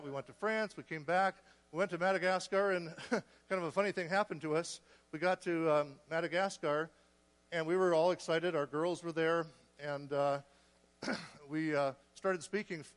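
A man recounts his missionary journey in a folksy way, chuckling and acting out both sides of conversations. His voice sits a bit high. The sound carries the long reverb of a church hall. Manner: folksy, laughing, acts out dialogue. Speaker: missionary speaker. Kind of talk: storytelling missionary talk.

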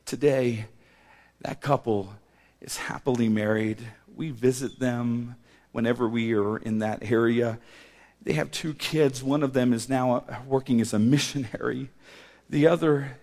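Animated pastor in a reverberant church. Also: male voice, mid-range voice, a little slow. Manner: animated, swings from hushed to loud, laughs often. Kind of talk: sermon storytelling. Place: church sanctuary.

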